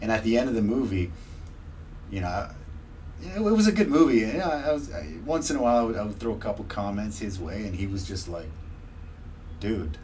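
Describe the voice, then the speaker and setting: A young man chatting as a guest in a casual interview, telling stories in an animated, laughing way. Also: on the low side, fast talker, a little hiss or hum. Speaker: podcaster guest.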